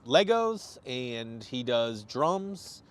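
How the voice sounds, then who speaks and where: Lively-voiced man telling animated stories. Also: medium pitch, extremely slow. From Boston. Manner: animated storyteller, acts out quotes. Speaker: comedian guest. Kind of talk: casual podcast chat.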